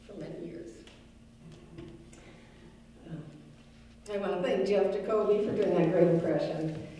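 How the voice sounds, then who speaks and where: A middle-aged woman giving a halting memorial speech as the daughter, with frequent ums and restarts. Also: on the low side, dark tone, a little hiss or hum. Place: large synagogue hall. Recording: echoey hall from far off.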